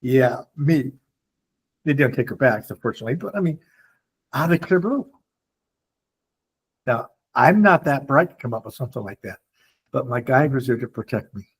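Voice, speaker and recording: An older man speaking to a support group, telling stories in an animated way and acting out the voices of the people in them. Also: medium pitch, breathy edge. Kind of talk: storytelling talk to a group.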